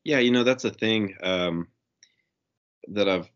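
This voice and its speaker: A man talking as a guest in a casual spiritual conversation, relaxed, with lots of "you know" and "um". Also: lowish voice, slow pace. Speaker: podcast guest. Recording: dull lo-fi sound.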